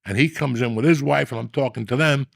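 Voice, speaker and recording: A man hosting a podcast, telling a long profane story in a loud, animated street manner. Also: medium pitch, fast talker, creaky, no echo, studio quality. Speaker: podcast host. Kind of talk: casual storytelling.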